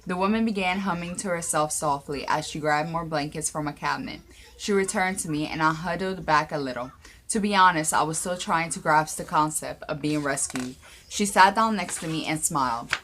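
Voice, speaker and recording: A woman with a low voice tells a story in the first person, reading it aloud. She stumbles and restarts words here and there, giving it a homemade feel. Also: moderate pace, a bit bright, slight background noise. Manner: reads aloud with small slips and restarts.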